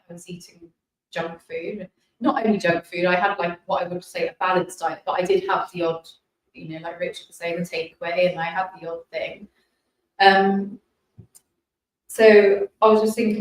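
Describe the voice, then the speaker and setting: A British woman in her thirties telling her personal health story in an emotional, halting way, often apologizing as she talks. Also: lowish voice, fairly even intonation, a little hiss or hum. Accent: British English. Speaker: guest sharing a healing story. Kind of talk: personal testimony. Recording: echoey distant room sound.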